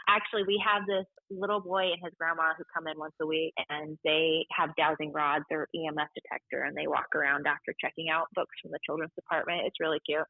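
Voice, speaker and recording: Lively library staffer, a woman, slightly low voice, tinny phone-quality recording. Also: fast talker, few pauses, no room sound. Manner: chatty, animated, acts out quoted voices. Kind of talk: casual storytelling interview.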